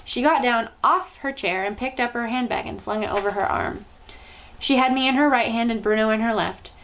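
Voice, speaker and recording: A woman's voice: a little high, fairly quick, low-quality recording. A woman reading a children's book aloud. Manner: expressive, lively read-aloud. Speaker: storyteller.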